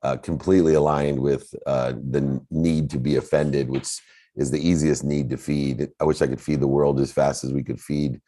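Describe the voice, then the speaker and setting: A man with an extremely deep, mellow voice hosts a motivational talk over a remote call. He sounds encouraging and reflective as he sums up a lesson. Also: level tone, normal speed. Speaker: host.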